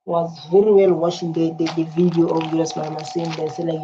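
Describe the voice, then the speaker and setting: A South African woman giving excited, repetitive commentary as a reaction video host, halting with fillers. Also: low voice, slight background noise. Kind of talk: casual commentary. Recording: dull lo-fi sound with faint ambience.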